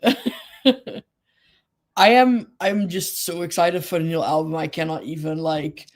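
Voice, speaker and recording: Woman chatting slow on a livestream, giggly, says hi to everyone. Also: fairly low pitch, fairly even intonation. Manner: chatty, giggly, greets viewers by name. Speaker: livestream host. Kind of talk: casual livestream chat.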